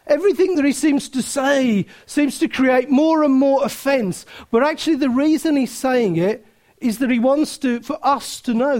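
A man's voice: very high-pitched, a little mellow. A man preaching a sermon, emphatic, full of rhetorical questions and restarts.

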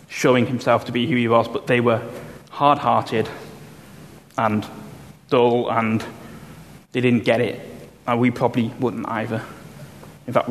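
Preacher man in a reverberant hall. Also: medium pitch. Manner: explanatory, measured, with slowed emphasis on key phrases. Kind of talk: sermon. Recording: long hall reverb, faint room noise.

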